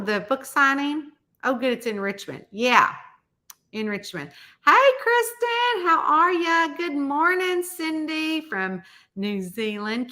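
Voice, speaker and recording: A middle-aged woman talks to her viewers in a loose, folksy live-stream chat, drifting from story to story. Her voice is bright and forward, pitched a little high for a woman, and she calls everyone y'all. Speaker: mystery author hosting a live chat. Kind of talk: casual live-stream chat reading comments.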